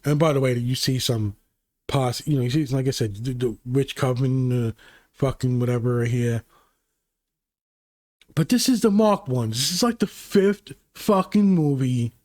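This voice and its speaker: A man hosting his own channel, recapping movies in a casual, rambling, profane way that grows excitable. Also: medium pitch, measured pace, dry recording, studio quality. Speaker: channel host.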